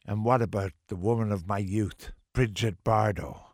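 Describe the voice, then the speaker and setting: A man's voice: on the low side, steady tone, normal speed, no room sound. An older man hosting a radio show in a studio, chatting in a rambling, playful way with theatrical outbursts. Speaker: radio host. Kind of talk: casual radio chat. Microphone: studio microphone.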